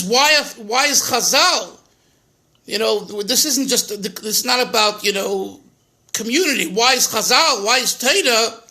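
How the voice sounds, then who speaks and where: A man's voice: very high-pitched, pushed and bright. A man, a rabbi, teaching a Torah class, translating phrases line by line with restarts and chuckles.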